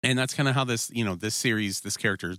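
A man's voice: mid-range voice, fast, bright, forceful tone, no room sound, studio quality. Profane, rambling podcast guy. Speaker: podcast co-host. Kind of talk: casual chat about a TV series.

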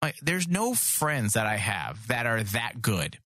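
A man co-hosting a comedy podcast, telling crude stories in an animated way. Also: mid-range voice, slow pace, dry recording, studio quality. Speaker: podcast co-host. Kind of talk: casual comedic chat.

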